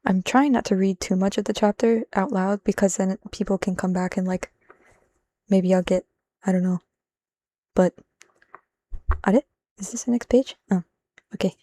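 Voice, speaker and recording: A woman's voice: medium pitch, fairly even intonation, normal speed, long pauses, warm tone, no room sound. A woman live-streaming as she translates a manga, thinking aloud in a rambling, self-interrupting way and dropping in Japanese phrases.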